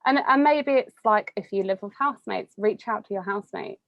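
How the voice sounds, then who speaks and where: A woman's voice: medium pitch, brisk, creaky, fairly bright tone, no echo. A young woman talks casually with plenty of fillers and easy laughs. The sound is dry, with no room around it, and slightly dull and muffled. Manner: chatty, laughs often, many fillers. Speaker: interviewee. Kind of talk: casual conversation.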